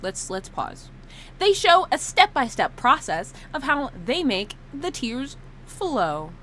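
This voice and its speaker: A woman streamer chatting casually on a live stream. Her bright, fairly high voice swings widely in pitch as she laughs and fakes sobs. Faint ambience sits behind her. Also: slow pace, slight background noise. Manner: animated, laughing, mock-sobbing, swearing.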